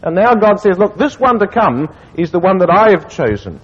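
A man preaching a sermon to a congregation, reading scripture slowly with earnest emphasis. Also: high-pitched, sing-song, slightly rough. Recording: muffled recording in a reverberant hall.

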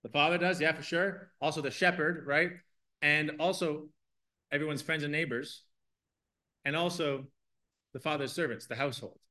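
A man's voice: fairly high pitch, steady tone, normal speed, pauses often, bright, forceful tone. Earnest man teaching a Bible class. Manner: earnest, asks the class questions.

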